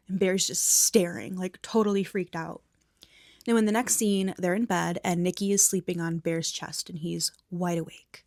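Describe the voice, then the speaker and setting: A woman recapping a movie in a soft whisper, blunt and opinionated, with some swearing. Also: mid-range voice, no room sound, studio quality. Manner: soft unvoiced whisper mixed with quiet speech.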